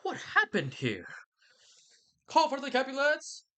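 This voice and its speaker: A bossy prince, played by a man who lurches between a gruff bark and a squeaky yelp. His regal wording keeps slipping into slang. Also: huge pitch swings, unhurried, bright, forceful tone, full character voice. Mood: exasperated.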